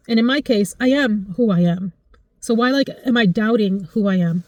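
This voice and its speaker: Expressive woman in her forties, dry close sound. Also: moderate pace, dry recording. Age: 40s. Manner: expressive and emotional, voice jumping high in excited retellings. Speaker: vlogger. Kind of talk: casual life chat to camera.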